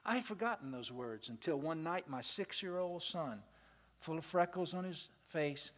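A male pastor preaching a sermon to his congregation, swinging between loud, emphatic peaks and quiet asides and calling out to the people in the pews. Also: fairly high pitch, animated, moderate pace. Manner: calls out to the congregation. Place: church sanctuary. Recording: long reverb of a large hall.

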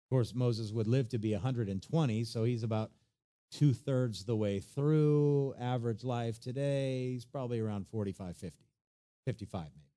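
A middle-aged man preaching a sermon in a conversational way, jumping from loud emphasis to quiet asides. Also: medium pitch, normal speed. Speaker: pastor.

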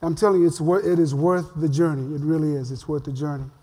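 An older man preaches in a relaxed, talkative way, slipping humor into his stories. His voice sits high for a man. The sound rings with the long echo of a big church hall. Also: fast. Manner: conversational, humorous storytelling. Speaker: pastor. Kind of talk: sermon. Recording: long reverb of a large hall.

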